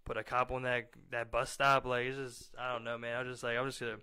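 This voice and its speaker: A man's voice: medium pitch, completely flat delivery, brisk, pushed and bright, clean tone. A young man telling a rambling personal story in casual podcast talk, full of fillers and acted-out quotes.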